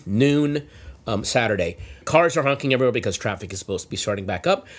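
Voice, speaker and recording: A man telling a comic story in casual chat, acting out the shouted lines of the people in it. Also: fairly low pitch. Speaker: storyteller guest.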